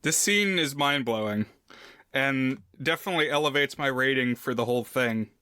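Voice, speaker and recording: A man co-hosting a film podcast, making thoughtful, measured remarks in casual discussion. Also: mid-range voice, sharp tone, smooth, no echo, clean studio sound. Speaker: podcast co-host.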